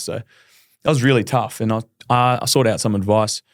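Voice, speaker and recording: A man in his thirties with an Australian accent, telling his story candidly in a relaxed podcast chat. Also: fairly low pitch, no echo, clean studio sound. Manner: rapid, candid, laid-back with frequent ums. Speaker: podcast guest, professional footballer.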